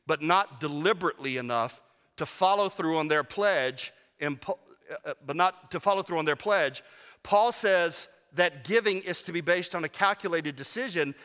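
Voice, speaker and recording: A man preaching a sermon to his congregation, animated and joking, with emphatic rises on key words. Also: a little high. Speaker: pastor. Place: church sanctuary. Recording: long church reverb.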